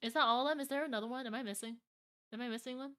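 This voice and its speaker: Woman streamer, casual live chat, bright and slightly high, excitable and rambling. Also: racing. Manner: excitable, restarts and rambles, laughs often. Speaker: streamer reacting to a video.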